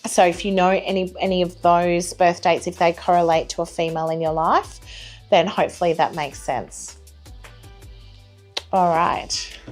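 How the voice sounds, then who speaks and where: A woman giving a live tarot reading, reassuring, apologetic and gently chatty. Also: fairly low pitch, steady tone, normal speed, faint music behind. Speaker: tarot reader.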